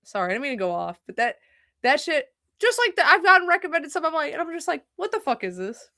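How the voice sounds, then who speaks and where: A woman's voice: high-pitched, fast, no room sound, clean studio sound. A young woman streamer chatting casually at her computer, rambling and swearing as she talks. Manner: rambling, profane and animated. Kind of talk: casual chat. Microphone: desk mic at a computer.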